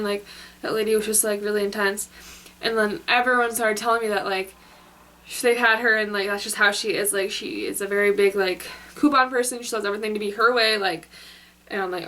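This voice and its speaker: A woman's voice: mid-range voice, fairly even intonation, quick pace, bright, forceful tone. A young woman telling a work story in a casual storytime vlog, chatty and full of "like.". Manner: chatty, filler-heavy, with lots of "like". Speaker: vlogger.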